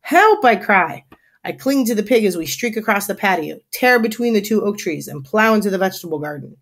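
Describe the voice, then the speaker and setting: Expressive woman reading a storybook aloud. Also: mid-range voice, brisk, husky. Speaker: teacher reading to a class. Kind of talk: reading a children's chapter book aloud.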